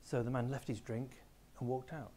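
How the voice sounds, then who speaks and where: Male teacher, mid-pitched, clear explanatory assembly delivery to pupils. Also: fairly even intonation, moderate pace, mellow. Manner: explanatory, addresses pupils directly. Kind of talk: school assembly talk. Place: school room with a small live audience.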